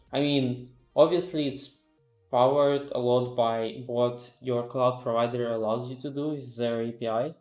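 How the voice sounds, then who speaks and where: A man's voice: medium pitch, darkish tone, roomy sound. Sleepy man thinking aloud on stream. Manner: thinks aloud, reads docs aloud, frequent fillers. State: sleepy, yawning. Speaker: live-streaming developer. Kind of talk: casual live-coding stream.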